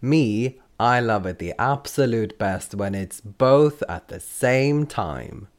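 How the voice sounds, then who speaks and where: A man voicing an excitable, cheeky young adventurer in an audiobook, loud and sarcastic. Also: mid-range voice, takes it slowly, pitched above the performer's own voice.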